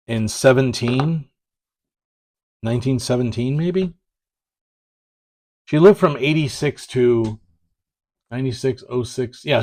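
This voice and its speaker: A man's voice: mid-range voice, darkish tone, no room sound. Guy rambling about prints while opening a package, lots of uhs, mid voice, dry close sound. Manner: rambling, self-correcting, many fillers. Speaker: print collector vlogger. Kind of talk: casual package-opening chat.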